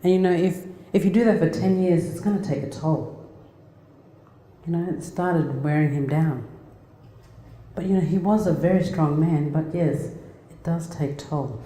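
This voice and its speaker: A middle-aged woman from Australia giving a personal talk, telling a family story in a plain, halting, reflective way. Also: sits low, dark tone. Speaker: speaker. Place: lecture hall. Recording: echoey hall.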